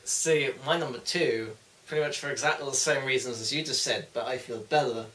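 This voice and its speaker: A young man co-hosting a casual chat, excitable and jokey, swearing freely. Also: mid-range voice, brisk. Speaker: co-host. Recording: echoey room, far from the mic.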